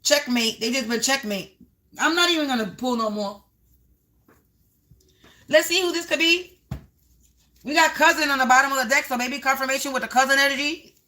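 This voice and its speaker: Female tarot reader on a livestream; high-pitched, bright tone, repetitive rhyming delivery aimed at the collective. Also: moderate pace, pauses often. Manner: repetitive, half-rhyming, talks to the viewers as the collective.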